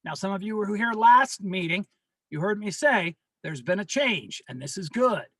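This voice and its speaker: A man's voice: high-pitched, lively intonation, moderate pace, fairly bright tone, dry recording. A man speaking as a union representative at a members' meeting over a video call, earnestly pleading and repeating his warnings.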